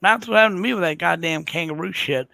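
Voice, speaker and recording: Man, high gravelly voice, bright tone, dry close sound, casual late-night chat, profane and rambling. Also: quick pace, dry recording. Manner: profane, rambling, laughing storyteller. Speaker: livestream host.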